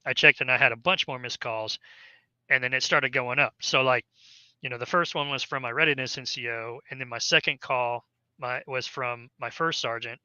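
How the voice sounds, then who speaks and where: A man's voice: mid-range voice, normal speed, bright, forceful tone, smooth, no room sound, dull audio. A man, an army veteran, casually telling a long story in an interview, rambling with many fillers and restarts.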